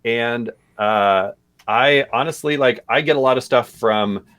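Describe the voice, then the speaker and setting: A man's voice: mid-range voice, measured pace, fairly bright tone, dry recording. A man co-hosting a live stream, answering viewer questions in a loose, rambling way with lots of fillers. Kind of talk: casual live-stream chat.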